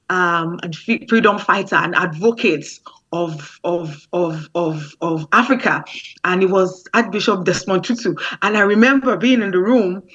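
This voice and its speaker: A woman's voice: lowish voice, fairly bright tone, muffled recording. A woman giving an impassioned motivational talk over a remote link, often repeating words. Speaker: speaker.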